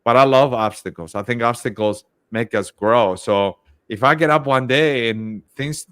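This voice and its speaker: A man's voice: medium pitch, normal speed, a bit bright, smooth, dry recording. A man speaking as a leadership coach in a casual interview, upbeat, acting out his own thoughts as quotes.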